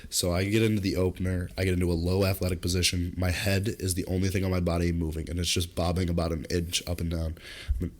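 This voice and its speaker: Young man, very deep voice, podcast co-host, animated storyteller, cursing, comic squeaky quotes. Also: quick pace. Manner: animated storyteller, jumps high into acted quotes; swears freely, comic deadpan asides. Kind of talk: casual storytelling chat.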